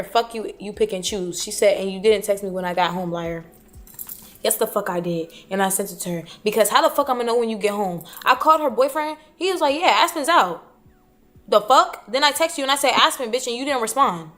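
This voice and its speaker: A woman's voice: medium pitch, fast talker, faint music behind. A woman streaming, bluntly retelling an argument and acting out both sides in casual, profane talk. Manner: blunt, profane, animated when quoting. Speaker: streamer recounting a dispute. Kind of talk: casual retelling with quoted dialogue.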